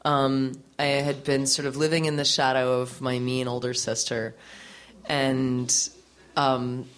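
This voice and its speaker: A woman's voice: rumbling low, slow. A woman musician as an interview guest, telling a candid story from her teens with frequent laughs, casual swearing and lots of fillers. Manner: animated, laughing often, swearing freely, many fillers.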